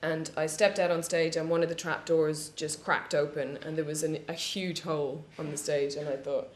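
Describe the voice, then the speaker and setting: A woman's voice: low-pitched, flat delivery, moderate pace. A woman guest on a live panel telling candid, profane stories and often laughing. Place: studio panel discussion before an audience. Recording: roomy echo with faint background hiss.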